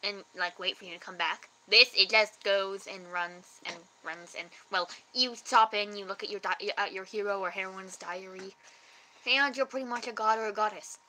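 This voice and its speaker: A woman's voice: medium pitch, fairly even intonation, pushed and bright, slight background noise, poor audio. A woman, joking around playfully in a casual chat at home. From Canada. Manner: playful, joking, quick to laugh. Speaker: guest on a livestream chat.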